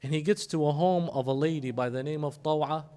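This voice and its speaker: A man preaching a sermon, telling a story and acting out the voices of its figures, and slowing into a hushed, drawn-out recitation at the emotional peak. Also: on the high side, clear, resonant tone.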